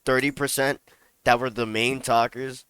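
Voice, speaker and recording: A man's voice: mid-range voice, steady tone, moderate pace, fairly bright tone, clean tone, dry recording. A young man co-hosting a casual podcast chat, laid-back and crude in his jokes. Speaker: podcast co-host. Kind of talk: casual chat among friends.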